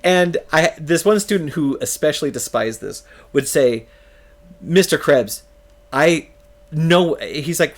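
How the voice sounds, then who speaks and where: A man's voice: on the high side, animated, moderate pace. Chatty, self-mocking man from California. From California, United States. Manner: rambling, self-mocking, laughs often mid-story. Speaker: game streamer. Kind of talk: casual storytelling chat on a live stream.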